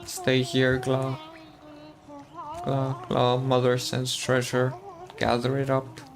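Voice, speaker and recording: A man's voice: medium pitch, monotone, takes it slowly. A man reading out the lines of an odd, anxious worm creature in a game, chanting broken phrases full of repeated nonsense sounds. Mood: babbling.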